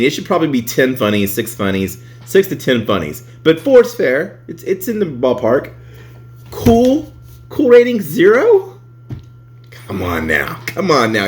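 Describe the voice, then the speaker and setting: A man talks casually on his vlog, reading reviews aloud. His voice swings widely in pitch. He laughs often and curses freely. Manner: laughs a lot, swears freely, animated.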